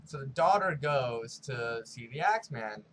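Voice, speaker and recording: A man hosting his own review show, recapping an episode casually and excitedly, peppering his talk with "like" and spoiler warnings. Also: medium pitch, measured pace, slight background noise, poor audio. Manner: animated storytelling full of "like" and spoiler warnings. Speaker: show host.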